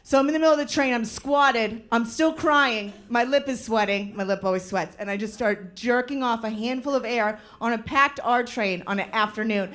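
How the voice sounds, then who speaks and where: A woman comedian telling stories on stage, acting out characters with sudden high yells. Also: normal speed, few pauses. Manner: animated storytelling, acting out voices with loud high yelps. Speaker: stand-up comedian. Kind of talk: stand-up comedy set. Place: live comedy venue.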